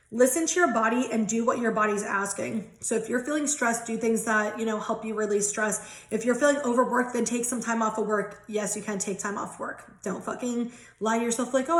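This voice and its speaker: Mulher tagarela numa sala com eco. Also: female voice, on the high side, echoey room. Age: 30s. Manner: chatty, giggly, swears casually. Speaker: tarot and angel card reader. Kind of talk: casual spiritual card reading.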